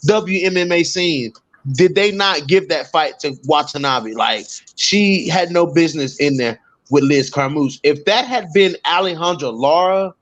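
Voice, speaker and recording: A man's voice: on the high side, a little slow, a bit bright. An easygoing man co-hosts a casual chat about fights, slangy and given to repeating himself. His voice comes through a dull, lo-fi line. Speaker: co-host.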